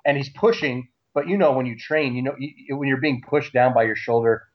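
A man telling a story in casual talk, animated and repeating words as he goes. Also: mid-range voice, fairly quick. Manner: animated, acts out shouting cops; repeats words and restarts often. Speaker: guest recounting a story. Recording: slightly dull lo-fi audio.

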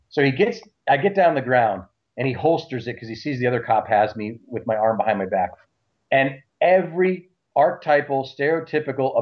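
A man telling a story in casual talk, animated and repeating words as he goes. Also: medium pitch. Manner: animated, acts out shouting cops; repeats words and restarts often. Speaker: guest recounting a story. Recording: slightly dull lo-fi audio.

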